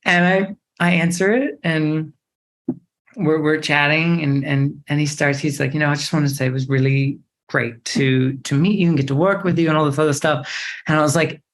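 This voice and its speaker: A young adult man, an actor guest in a casual interview, telling a story in a lively, expressive way. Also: fairly high pitch, moderate pace.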